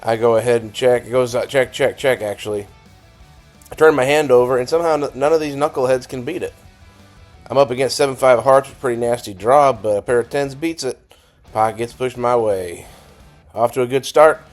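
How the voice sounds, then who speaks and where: A hoarse man with a raspy, scratchy voice, narrating his poker hands in a casual, wry voice-over. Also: medium pitch, brisk, faint music behind. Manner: casual, wry, self-deprecating. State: hoarse, dry scratchy throat. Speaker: poker vlogger.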